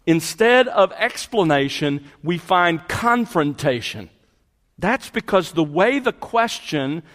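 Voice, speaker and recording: Working verse by verse through an expository sermon, this pastor leans on key words and repeats phrases to drive points home. His voice sits high with a bit of brightness, and the sound carries a long reverb tail.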